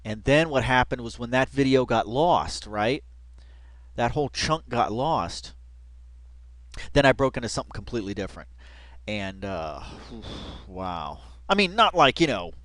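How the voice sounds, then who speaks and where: A man's voice: mid-range voice, animated, measured pace, fairly bright tone, no echo. Rambling man reacting, dry close mic. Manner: rambling, laughing, heavy fillers. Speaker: reaction video host. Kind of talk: casual reaction commentary.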